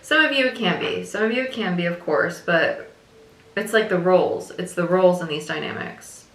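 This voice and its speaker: Bright-voiced chatty woman reading tarot. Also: on the low side, normal speed, reverberant, rough recording. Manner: chatty, repeats herself, frequent "like" and "right?". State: chewing gum while talking. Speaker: tarot reader. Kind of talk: casual tarot reading to camera.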